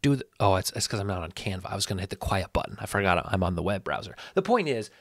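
A man with a low voice talks through his picks in a casual solo commentary, correcting himself as he goes and growing animated when he rants. The sound is close and dry. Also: quick pace, no echo. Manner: rambling, self-correcting, animated when ranting. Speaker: sports channel host.

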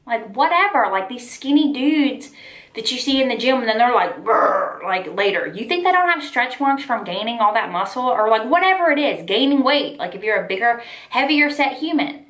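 A woman's voice: on the high side, lively intonation, brisk, a bit bright, echoey room. A young woman talking candidly to camera, chatty and full of "like" and "y'all". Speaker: lifestyle vlogger. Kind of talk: casual heart-to-heart talk to camera.

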